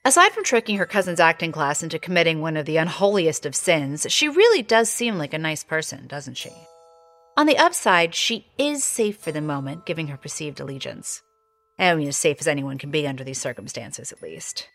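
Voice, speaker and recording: A woman's voice: low voice, lively intonation, moderate pace, a bit bright, faint music behind. A woman voicing a hungover, wisecracking observer with a dry, sardonic manner. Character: wry, hungover woman watching over others.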